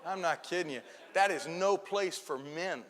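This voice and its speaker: Shouting preacher man in a reverberant church. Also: a little high, moderate pace. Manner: storytelling preacher, swinging from hushed asides to shouted points. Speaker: pastor. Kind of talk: sermon. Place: church sanctuary. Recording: long church hall reverb.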